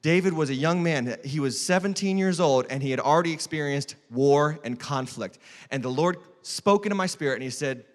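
A man preaching a sermon as lead pastor, emphatic and swinging between loud outbursts and hushed lines. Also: on the high side, normal speed. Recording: long hall reverb.

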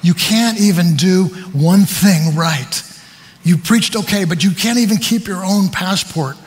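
A man's voice: sits high, unhurried, long reverb tail. A man voicing the devil as a sneering voice, mocking and insulting. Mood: taunting. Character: sneering male devil voice, taunting.

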